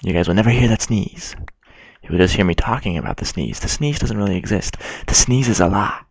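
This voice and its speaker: A male gaming video creator rambles through casual gameplay commentary, mocking himself and chatting to the game's characters. His fairly low voice is creaky and husky, and he talks fairly quickly.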